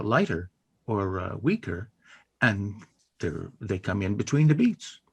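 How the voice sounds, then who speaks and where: Husky, animated male poetry lecturer. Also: mid-range voice. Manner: halting, many fillers and restarts, playful demonstrations. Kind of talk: informal online lecture. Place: home room over video call. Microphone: video call.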